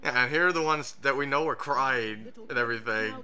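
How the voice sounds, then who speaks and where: A man's voice: mid-range voice, brisk, bright, forceful tone. A man co-hosting a cartoon review, sarcastic and mocking, laughing often. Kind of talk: sarcastic commentary chat.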